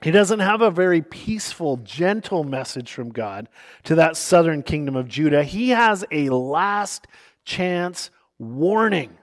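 This sermon comes from a male pastor with a distinctly high voice, unhurried and expressive, who reads passages of scripture before turning to illustrative stories. His delivery shifts from hushed to emphatic.

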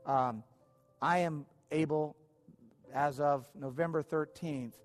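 A man's voice: on the high side, steady tone, takes it slowly, big-room sound. A man preaching as the pastor of his church, earnest and informal, stumbling over his words when he is moved. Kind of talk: sermon. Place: church sanctuary.

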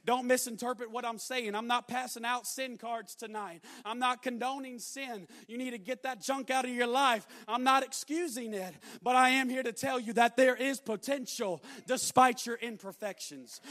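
A young man delivers a sermon in a notably high voice. He tells his story conversationally and then rises into loud, emphatic preaching. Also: steady tone, moderate pace, few pauses.

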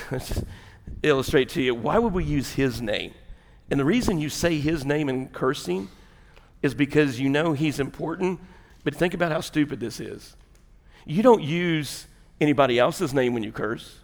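A male pastor with a Southern US accent preaching a sermon. He talks in a folksy, joking way and works up to loud, emphatic preaching. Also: a little high, lively intonation, moderate pace, long reverb tail. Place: church sanctuary.

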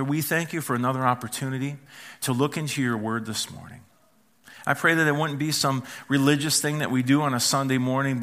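A middle-aged male pastor preaching a Sunday sermon, telling stories with humor and acting out yelled calls and hushed asides. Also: mid-range voice. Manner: playful storytelling, acts out yelling and whispering.

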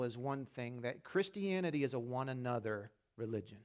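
A man's voice: medium pitch, normal speed, hardly any pauses. A man preaching a conversational sermon as pastor, asking the congregation questions and telling stories with humor. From Pennsylvania. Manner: storytelling with humor. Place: church sanctuary during a service.

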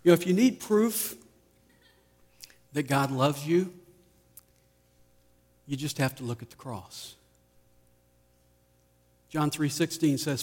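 A man preaches from the pulpit, taking his time over every phrase. His voice sits a little high for a man and often drops to a near hush at the end of a line. A long reverb trails behind him in the large sanctuary. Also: soft background music. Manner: slow, deliberate preaching with dramatic drops in volume. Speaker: pastor. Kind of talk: sermon.

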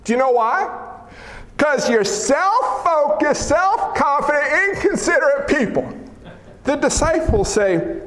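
High-voiced man preaching in an echoey hall. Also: a little slow. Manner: animated and joking, acting out quotes. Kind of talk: sermon.

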